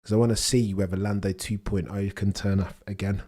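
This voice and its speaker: Guy on a stream, lowish voice, chatty and jokey with chat, reacting live. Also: level tone, fairly quick, warm tone, breathy edge. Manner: chatty, joking, reacting to the action. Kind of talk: casual live commentary.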